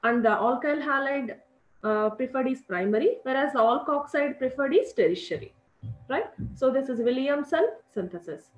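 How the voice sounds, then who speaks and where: A middle-aged woman with an Indian English accent teaching a chemistry lesson, repeating key points and calling her students children. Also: a little high. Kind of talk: classroom lecture. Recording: echoey lo-fi room recording.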